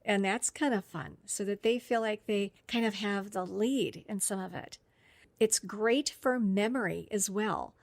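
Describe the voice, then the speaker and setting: A woman's voice: medium pitch, a little slow, gravelly, no room sound. A woman speech therapist giving a friendly, explanatory professional development talk. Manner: friendly, explanatory, with occasional laughs. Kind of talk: instructional podcast talk.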